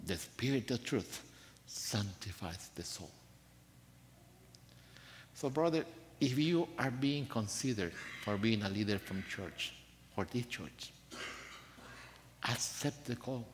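A man preaching a sermon in a church, soft-spoken and earnest, telling a personal story with rising emphasis. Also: lowish voice, a little hiss or hum. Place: church sanctuary. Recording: church hall reverb.

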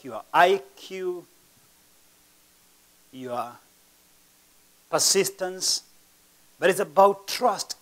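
A man preaching a sermon as pastor, asking the congregation rhetorical questions and using dramatic pauses and sharp swings between loud and soft. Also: sits high.

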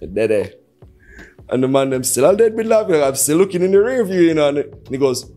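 A man's voice: a little high, fairly quick, soft background music. A man with a Jamaican accent, a podcast guest telling a story in casual chat and acting out the voices of the people in it. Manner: animated storyteller acting out quotes.

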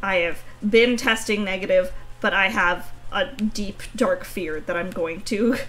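A woman's voice: mid-range voice, a little slow, fairly bright tone, slight background noise, low-quality recording. Playful, slightly sick streamer woman. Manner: playful, self-deprecating, swears casually. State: sick, under the weather. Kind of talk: casual gaming chat.

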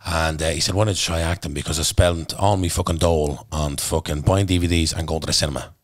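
A man's voice: very deep voice, fairly even intonation, quick pace. A man with a Dublin accent, a podcast guest telling his story bluntly and intensely, swearing freely. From Ireland. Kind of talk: candid storytelling in conversation.

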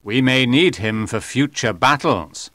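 A man voicing a calm, shrewd old noble in an audiobook story, persuasive and reasoned. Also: mid-range voice, unhurried, dry recording, pitched above the performer's own voice.

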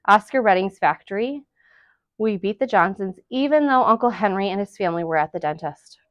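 A woman's voice: mid-range voice, expressive, fairly quick, a bit bright, dry recording, highs cut off, natural voice. A woman reading as an eager young boy. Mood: chatty.

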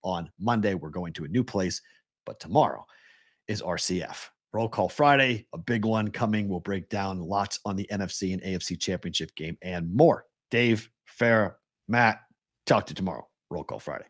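A man's voice: low voice, moderate pace, husky. A man with a Boston accent co-hosting a casual sports talk show, telling stories and laughing often. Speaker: co-host.

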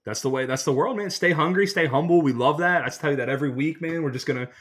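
A young man from Pittsburgh co-hosting a casual sports-betting podcast, talking in an excitable, hyped-up way. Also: mid-range voice, rapid-fire. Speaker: podcast co-host.

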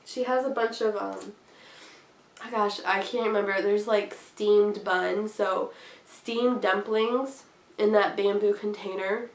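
A young woman with a cold rambles cheerfully through a haul, giggling between thoughts. Her mid-pitched voice has a gravelly edge. The room around her rings with echo. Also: steady tone, slow pace. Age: young adult. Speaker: craft vlogger. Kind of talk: casual haul chat.

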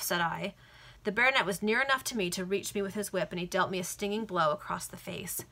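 Over a video call, a woman earnestly reads a Victorian novel aloud to friends, now and then correcting a slip. Her mid-range voice is brisk and bright, with a forceful tone.

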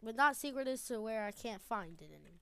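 A woman giving excitable gameplay commentary, laughing often and repeating her phrases. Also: fairly high pitch, fast, gravelly, smooth. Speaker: gamer.

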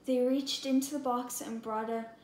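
High woman reading a storybook, slow and expressive, echoey room with faint hum. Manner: expressive and deliberate. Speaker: storybook reader. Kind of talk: reading a picture book aloud.

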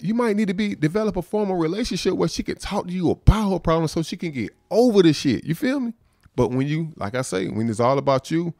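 A man speaks straight from the heart to a live-stream audience, blunt and streetwise, with curses dropped in casually. His voice sits at an ordinary middle pitch. It is recorded close and dry, with no room sound behind it. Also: a little mellow, no echo. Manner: repeats "you know what I'm saying" often. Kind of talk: candid motivational talk.

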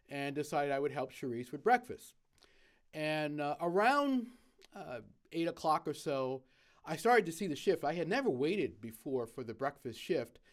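A man, a motivational speaker, telling a personal story to the camera and acting out the lines of the people in it, with many fillers. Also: a little high.

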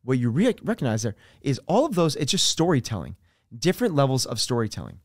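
A man speaking as a podcast guest and coach, explaining his ideas earnestly with everyday examples and dropping his voice softer on key terms. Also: medium pitch, huge pitch swings, fast talker, dry recording, clean studio sound. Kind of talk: conversational podcast interview.

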